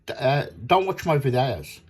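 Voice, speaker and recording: A man's voice: medium pitch, lively intonation, normal speed, breathy edge. A middle-aged man from Australia who sells audio kits, talking in an indignant, repetitive rant and retelling phone calls. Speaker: audio kit seller. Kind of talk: ranting monologue.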